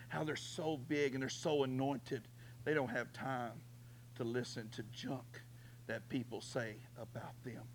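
A man preaching a sermon as pastor, swinging from quiet storytelling to shouted, tearful prayer. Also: mid-range voice, slight background noise.

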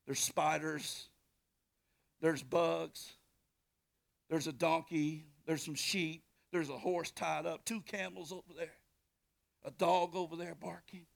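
A man preaching a sermon, telling a story with animated swings from shouting to whispering and calling out to the congregation. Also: on the high side, takes it slowly, gravelly, long pauses. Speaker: pastor.

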